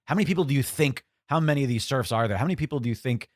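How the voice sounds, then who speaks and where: A man's voice: medium pitch, racing, no room sound, studio quality. A man co-hosting a podcast, casually thinking aloud and asking curious questions. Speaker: podcast co-host.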